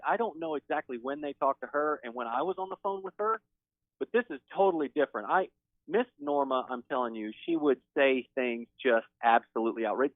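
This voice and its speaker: A man speaking as a guest on a call-in show, talking in an excited, emphatic way. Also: a little high, no echo. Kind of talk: call-in interview. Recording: tinny phone line.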